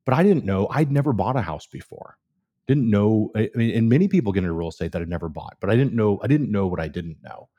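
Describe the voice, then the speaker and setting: A man's voice: lowish voice, fast talker, slightly rough. A man in his forties, a real estate guest on a podcast, telling stories and acting out the people in them. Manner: animated storyteller, acts out quoted dialogue. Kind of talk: casual podcast chat.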